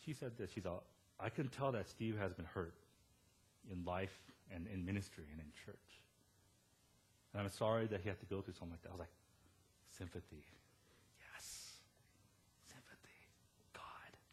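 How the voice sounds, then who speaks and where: A man in his thirties preaching a sermon as pastor, animated and storytelling, quoting the people he talks about. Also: deep voice, fairly quick, pauses often, breathy edge.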